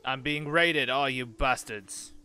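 A man with a bright, forceful voice talks his way through a strategy game, reading event texts aloud and tossing off casual asides to his viewers. Faint music plays under his commentary. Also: mid-range voice, slow pace, smooth. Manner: casual, chatty, mutters reactions to the game. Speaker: gaming channel host.

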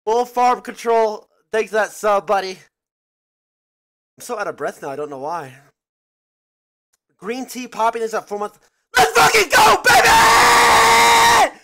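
A man streaming a game live, crude and brash, breaking into loud shouts between casual chat into a headset mic. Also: high voice, unhurried, long pauses, slight background noise. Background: loud game music.

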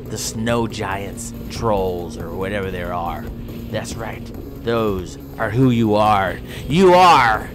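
A man playing a video game and commenting playfully, taunting his opponent in a theatrical mock-villain manner with old-fashioned phrasing and sound effects. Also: on the low side. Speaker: gameplay commentator.

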